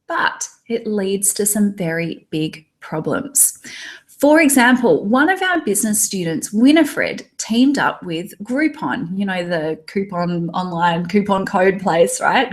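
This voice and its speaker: A woman's voice: medium pitch, lively intonation, slow. A woman in her thirties with an Australian accent, leading a live online training for tarot readers and reading out viewers' chat comments in an upbeat, encouraging way.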